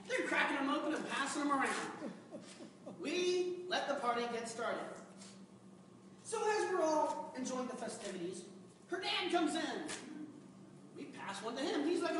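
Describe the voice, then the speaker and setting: Guy doing a funny storytelling speech, kinda high voice, noisy room, laughs along w the crowd. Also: sing-song, moderate pace, long pauses. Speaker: speaker at a public speaking club. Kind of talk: humorous personal story speech. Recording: echoey hall, recorded from far off. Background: audience laughter.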